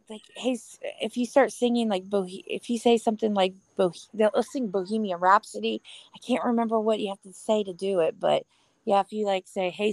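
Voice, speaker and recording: Animated woman telling stories, dry sound. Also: mid-range voice, no room sound. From American Midwest. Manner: animated storyteller, acts out quotes. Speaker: podcast co-host. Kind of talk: casual chat.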